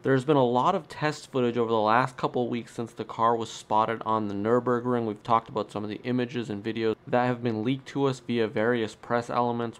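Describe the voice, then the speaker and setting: A man hosting his own car channel, talking in an upbeat, chatty and emphatic way with a nasal voice. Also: medium pitch. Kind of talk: solo vlog commentary.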